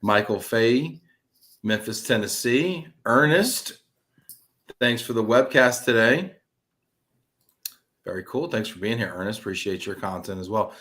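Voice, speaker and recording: A man hosting a live interview webcast, with an energetic, teasing, jokey way of talking. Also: lowish voice, measured pace, long pauses. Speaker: host.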